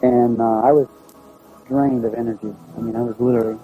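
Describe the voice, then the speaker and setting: A man telling a personal story in a plain, halting, conversational way. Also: medium pitch, fairly even intonation, narrow, tinny audio, music in the background. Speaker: storyteller recounting a personal experience. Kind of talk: first-person spoken recollection.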